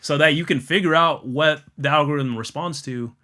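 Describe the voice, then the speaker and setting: A man's voice: a little high, normal speed, sharp tone. A man co-hosting a casual podcast, blunt and profane, often tagging on "you know what I mean". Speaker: podcast co-host.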